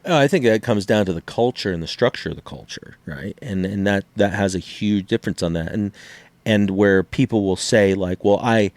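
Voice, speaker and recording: Animated middle-aged man telling stories. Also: lowish voice, normal speed, no room sound. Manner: animated storyteller, acts out quotes, swears freely. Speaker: podcast co-host. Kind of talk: casual chat.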